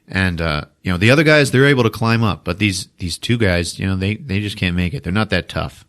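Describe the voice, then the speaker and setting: A man's voice: low-pitched, brisk, fairly bright tone. A man hosting a podcast, retelling a film in a casual, profane way and laughing often, recorded on a podcast microphone. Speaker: podcast host. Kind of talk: comic film recap.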